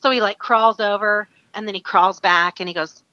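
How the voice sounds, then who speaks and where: A woman from Alaska, a guest, telling a story in a casual, animated way with many fillers and frequent laughter. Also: mid-range voice, moderate pace, dry recording, lo-fi sound.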